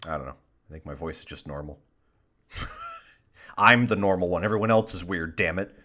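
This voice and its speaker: A man's voice: sits low, huge pitch swings, moderate pace, bright, forceful tone. A man from Michigan co-hosting a live stream, chatting casually, swearing and laughing often. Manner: laughs a lot, swears, joking. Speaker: stream co-host.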